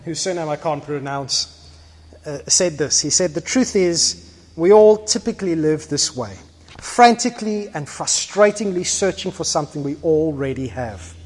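A man preaching a sermon as pastor, animated, acting out little scenes and swinging between quiet and loud. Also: fairly high pitch, normal speed, breathy edge, big-room sound. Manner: animated, acts out little scenes with shifting volume.

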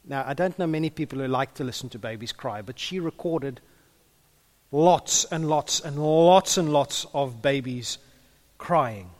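A man's voice: mid-range voice, unhurried. A man preaching a sermon in a conversational way, with humorous asides and a few stumbles.

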